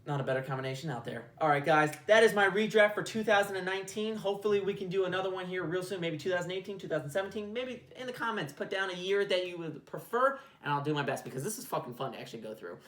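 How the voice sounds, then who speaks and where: A man's voice: sits high, expressive, quick pace, few pauses, a bit bright. Man, casual sports commentary, profane, filler-heavy, echoey room. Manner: rambling, profane, with many fillers. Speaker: sports video host.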